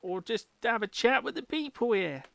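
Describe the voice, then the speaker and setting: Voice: mid-range voice, animated, normal speed, creaky, fairly bright tone, dry recording, voice pushed up. Tabletop role-play: game master voicing a brusque dwarf barmaid in an attempted Cockney accent, impatient and dismissive. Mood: scolding. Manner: curt, scolding, dismissive. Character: gruff dwarf woman running a pub, brusque and impatient.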